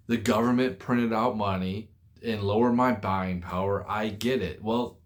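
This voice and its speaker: A man's voice: on the low side, steady tone. A young man venting angrily to camera about work and money, swearing often and restarting his sentences. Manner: profane, frustrated, halting with restarts. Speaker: forklift driver venting online. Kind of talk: angry rant to camera.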